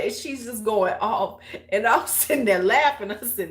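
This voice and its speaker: A woman's voice: a little high, moderate pace, a bit bright. A woman in her forties hosting a beauty livestream, telling a long gossipy story in a loose, frank, salty way. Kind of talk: casual storytelling chat. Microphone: livestream webcam mic.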